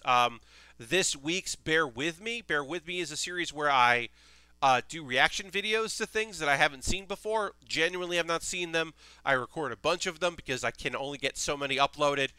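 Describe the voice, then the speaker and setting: A man's voice: fairly high pitch, normal speed, bright, forceful tone, clean tone, no room sound. A man streaming live while building a model kit, chatting casually in a rambling, enthusiastic way and swearing freely.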